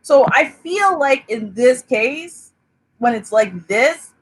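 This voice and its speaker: Husky-voiced woman musing aloud. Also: sits high, animated, slow, low-quality recording. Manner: chatty, reasoning aloud, laughs often. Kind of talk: casual reaction commentary.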